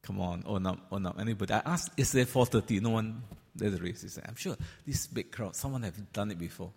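Male preacher, sermon, conversational, breathy voice, church hall reverb. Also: on the low side, brisk, a little mellow. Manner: conversational, teasing the congregation, frequent fillers. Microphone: handheld or stand microphone.

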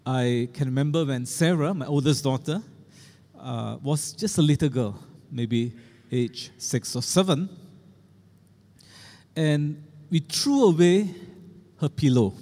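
A middle-aged male pastor delivers an earnest sermon, leaning hard into the scripture he quotes. His voice sits a little high for a man. The sound carries a long church reverb. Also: warm tone. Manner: earnest, emphatic quoting of scripture.

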